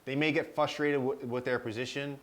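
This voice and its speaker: A man's voice: mid-range voice, steady tone, brisk, fairly bright tone. A young man co-hosting a podcast, talking earnestly about drive and mindset with many fillers. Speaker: podcast co-host. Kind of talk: casual chat.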